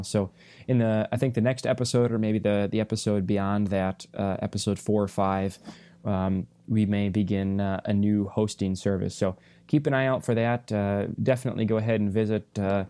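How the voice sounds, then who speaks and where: Easygoing low-voiced male pilot podcaster. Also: dark tone, no echo. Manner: rambling, good-humored, frequent restarts. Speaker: podcast host, airline pilot instructor. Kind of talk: casual podcast storytelling. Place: hotel room.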